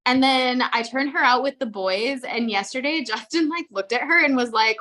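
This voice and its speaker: A young woman talking loosely on a podcast, her voice bright and forward. She rambles in a chatty, candid way, stacking up "like" and dropping the odd swear word. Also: high voice, normal speed. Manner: chatty, swears freely, full of likes. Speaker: podcast co-host. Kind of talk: casual chat.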